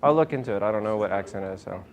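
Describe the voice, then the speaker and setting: A man's voice: on the low side, rapid-fire. Hyper guy giving a health talk to a room, keeps asking the crowd stuff. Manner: energetic, asks the audience questions, self-described hyper. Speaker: chiropractor giving a nutrition talk. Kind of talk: casual health lecture to a live audience. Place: small meeting room with an audience.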